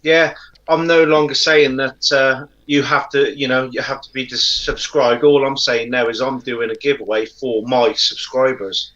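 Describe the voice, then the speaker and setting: A man's voice: mid-range voice, little pitch movement, moderate pace, fairly bright tone. A man dropping into a live-stream chat as a guest, teasing the host and then ranting with indignation. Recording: dull lo-fi sound.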